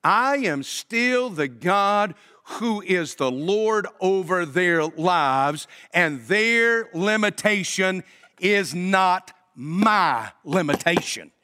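A man preaching a sermon as pastor, emphatic and swinging between loud and hushed delivery. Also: high-pitched, lively intonation, drawn-out words. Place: church sanctuary. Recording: long hall reverb.

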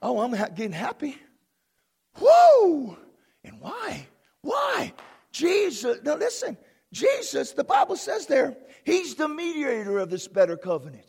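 A man preaching a fervent sermon from a church platform, bursting into shouts and exclamations. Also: very high voice, huge pitch swings, normal speed, vocal fry. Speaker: pastor.

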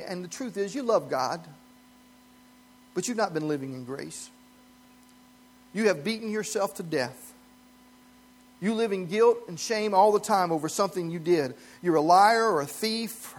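A man with a notably high-pitched voice preaches from the pulpit. He speaks earnestly and with emphasis, his sermon broken by light chuckles. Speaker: pastor.

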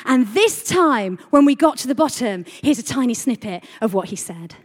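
A woman giving a lively sermon to a congregation, telling a story with animated delivery and questions to the audience. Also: on the high side, normal speed. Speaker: preacher. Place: church hall. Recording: reverberant hall.

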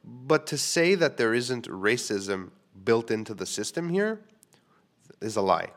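A man's voice: medium pitch, big pitch swings, unhurried, fairly bright tone. A man in his thirties from Quebec hosting a solo podcast, talking candidly and rambling with frequent fillers. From Quebec, Canada. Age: 30s. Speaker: podcast host.

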